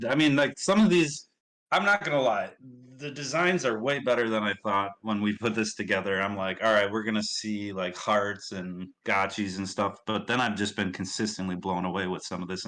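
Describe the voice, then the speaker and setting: Midwestern guy hosting a stream, kinda low voice, chatty and upbeat, lots of ums. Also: a little fast, fairly bright tone, poor audio. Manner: upbeat, rambling with fillers and restarts. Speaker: stream host. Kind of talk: casual livestream commentary.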